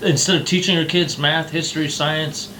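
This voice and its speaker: A man's voice: a little high, fairly even intonation, moderate pace, pushed and bright, slight background noise, rough recording. A man co-hosting a casual talk show, ranting heatedly and swearing often. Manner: profane, heated ranting with mocking put-on voices. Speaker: podcast co-host.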